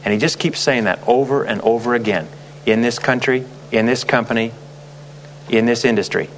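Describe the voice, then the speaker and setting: A man's voice: medium pitch, moderate pace, slight background noise. A man leading a motivational sales seminar as a sales trainer, emphatic and repetitive, often asking the audience rhetorical questions.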